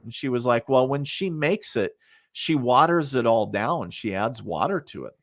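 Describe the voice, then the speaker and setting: Speaking at a normal speed with lively intonation, this man has a mid-range, fairly bright voice. He's a middle-aged psychic medium guesting on a podcast, rambling through casual stories with lots of fillers and chuckling at them himself. The recording is dry and of studio quality.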